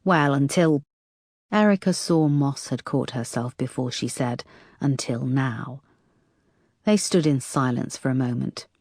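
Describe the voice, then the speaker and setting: A woman narrating an audiobook in a steady, even manner. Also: rumbling low, normal speed, few pauses, no room sound, clean studio sound. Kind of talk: scripted narration.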